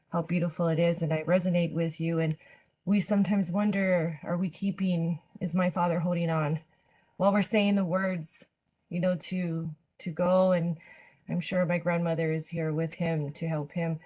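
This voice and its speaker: Low, even-toned woman responding thoughtfully. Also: poor audio. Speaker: panelist. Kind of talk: reflective panel discussion.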